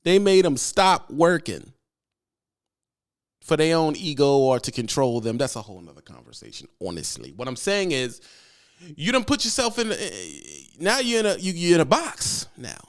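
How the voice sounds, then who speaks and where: A man who streams about trucking, talking in an animated, slangy, teasing way and reading chat aloud. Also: on the high side, a little fast. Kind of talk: casual live-stream chat.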